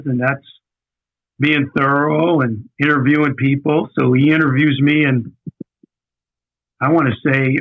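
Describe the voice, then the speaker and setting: Man in his sixties, guest coach, conversational storytelling, repeats words, phone-like sound, middle pitch. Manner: rambling, repeats words while recalling. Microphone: phone call. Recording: tinny phone line.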